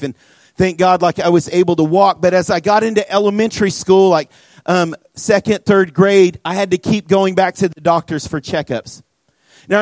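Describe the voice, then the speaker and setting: Young male youth pastor with a high voice, preaching earnestly to students in a dry, close recording. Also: no room sound. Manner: earnest, animated storytelling with many "like" fillers. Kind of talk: sermon to students. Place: church youth room.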